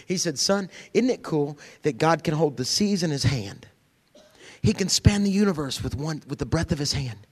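Animated pastor man preaching with shouts and whispers. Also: on the high side, normal speed, breathy edge, in a large hall. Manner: acts out quoted voices with humor. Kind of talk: sermon. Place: church sanctuary.

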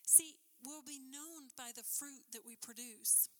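A woman preaching a sermon, rising to impassioned questions and dropping to hushed emphasis. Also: high voice, a little slow. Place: chapel. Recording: chapel with long reverb.

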